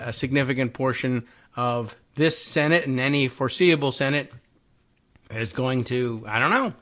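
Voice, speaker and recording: A man hosting a talk show, musing in a wry, sarcastic way with frequent pauses and fillers. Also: medium pitch, a bit bright. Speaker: podcast host. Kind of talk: casual political talk.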